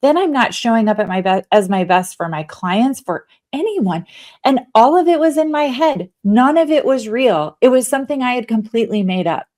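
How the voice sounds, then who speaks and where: A woman's voice: fairly high pitch, moderate pace. A woman in her forties tells a personal story as a podcast guest. She talks casually and with animation, slipping into quoted inner voices as she goes. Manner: animated storyteller, acts out her own thoughts. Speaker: guest, author and leadership coach.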